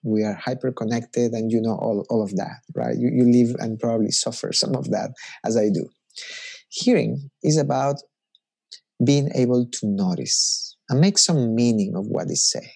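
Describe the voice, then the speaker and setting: A man's voice: medium pitch, normal speed, gravelly, darkish tone, slightly rough. A man preaching a conversational sermon as a pastor, reflective and personal, musing aloud.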